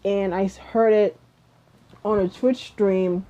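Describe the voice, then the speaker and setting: A young woman vlogs a casual K-pop music review in a slow, warm voice of medium pitch and steady tone. She's chatty and rambling, full of fillers, sounding sleepy and yawning. The audio is a dull lo-fi home recording.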